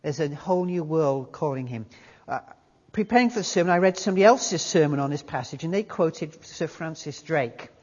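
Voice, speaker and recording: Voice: medium pitch, expressive, fairly quick, a little mellow. A middle-aged preacher gives a conversational sermon, restarting phrases and reading quotations aloud. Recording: dull recording in reverberant hall.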